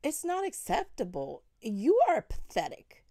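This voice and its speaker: A woman's voice: on the high side, huge pitch swings, a little slow, mellow, no echo, clean studio sound. A woman scolding another online creator in a commentary vlog, indignant and full of rhetorical questions. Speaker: commentary vlogger.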